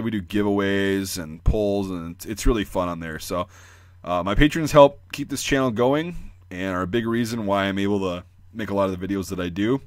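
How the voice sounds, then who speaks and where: A man's voice: deep voice, dry recording, clean studio sound. An American man hosting a militaria channel, explaining pronunciation in casual, rambling talk full of fillers and opinions.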